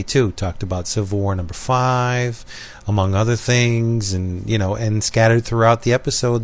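A man co-hosting a podcast, chatting casually with dry, offhand jokes and introducing a guest. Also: on the low side. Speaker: podcast co-host.

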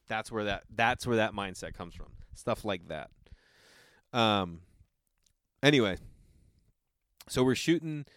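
A man's voice: on the low side, lively intonation, slow pace, long pauses, fairly bright tone, clear, resonant tone, no room sound, clean studio sound. Man, casual storytelling, rambling, filler-heavy, swears freely, resonant voice.

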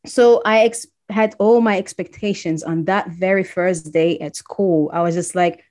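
A woman's voice: lowish voice, fairly even intonation, unhurried, hardly any pauses, a little mellow. A woman from Congo telling a personal story in casual conversation, acting out the voices of people she quotes.

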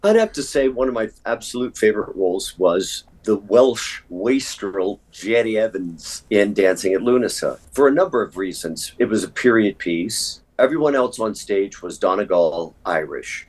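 An older man with a deep, husky voice tells stories from his acting career as an interview guest. He talks with animated emphasis, lifting his pitch to stress a point. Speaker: stage and soap actor, guest. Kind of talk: conversational interview storytelling.

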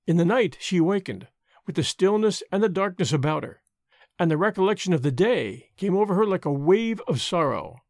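A man narrating an audiobook in a measured, gentle way. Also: sits high, lively intonation, no echo, clean studio sound. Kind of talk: scripted narration.

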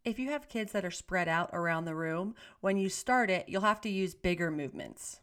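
A woman's voice: on the low side, lively intonation, normal speed, fairly bright tone, smooth. A woman, a teacher, hosting a classroom tips podcast in an upbeat, encouraging, conversational way.

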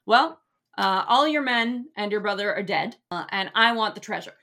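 A greedy king barks his demands, blunt and scheming, as a woman puts him on. The voice is bright and forceful, close to her everyday speech. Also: medium pitch, animated, normal speed. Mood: demanding.

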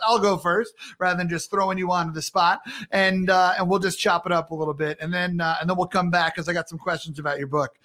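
A man's voice: sits high, pushed and bright. A male podcast host in casual chat, upbeat and chatty, laughing often.

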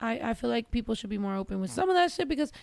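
A woman hosting a podcast, telling stories in a loud, animated way with plenty of cursing. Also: a little high, racing, vocal fry, no room sound. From Mexican-American family. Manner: loud, animated storytelling with profanity. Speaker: podcast host. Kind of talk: casual chat.

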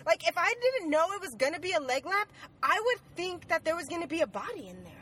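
A sardonic woman complains bluntly in casual conversation. Her voice sits very high. Steady noise runs behind her. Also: fast. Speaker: guest in a movie discussion. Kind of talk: casual chat.

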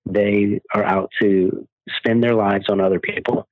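A man's voice: lowish voice, fairly even intonation, unhurried, no echo. Earnest man on a tinny line. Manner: earnest storyteller. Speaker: guest, charity founder giving cars away. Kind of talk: interview conversation. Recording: dry, phone-like narrow sound.

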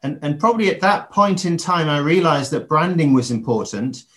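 A man's voice: on the high side, expressive, moderate pace, a bit bright. An English man in his forties, a guest on a podcast interview, talking reflectively with frequent ums and restarts. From England.

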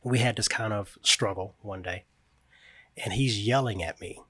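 A man's voice: lowish voice, moderate pace, fairly bright tone, slightly rough, no room sound. A man talking earnestly about raising his young son, telling stories in a reflective way. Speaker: grieving father, guest. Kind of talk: casual conversation.

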